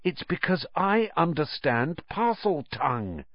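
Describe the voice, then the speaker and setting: A man's voice: on the high side, unhurried, no echo, highs cut off, voice pushed up, heavily acted. A man voicing an anxious, eager boy wizard of about twelve, piecing clues together urgently. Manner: urgent, excited working-out of clues.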